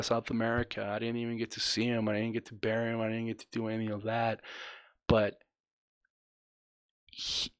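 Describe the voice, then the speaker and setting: A man from Colombia earnestly telling a personal story to camera, rambling with lots of fillers and restarts, dropping soft and low when reflective and lifting when excited. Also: dry recording. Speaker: vlogger.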